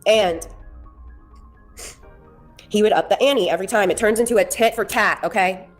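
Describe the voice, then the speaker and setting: A woman's voice: mid-range voice, normal speed, soft background music. A woman on a livestream laying out her side of a feud in a firm, argumentative way. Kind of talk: explaining on a livestream.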